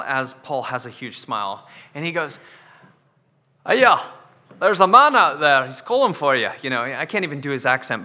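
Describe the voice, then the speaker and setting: A man's voice: medium pitch, sharp tone, long reverb tail. A man preaching an earnest sermon as pastor, often repeating words as he builds a point. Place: church sanctuary.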